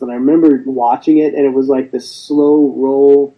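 A man's voice: mid-range voice, flat delivery, moderate pace, warm tone, rough recording. A man, a veteran guest, speaking bluntly and with frequent swearing in a conversational interview. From United States. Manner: blunt and profane, storytelling.

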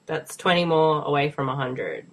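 A woman's voice: low voice, big pitch swings, moderate pace. A woman with an Australian accent hosting a podcast in casual, playful banter, a bit sick today. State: slightly sick. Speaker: podcast host. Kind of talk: casual chat.

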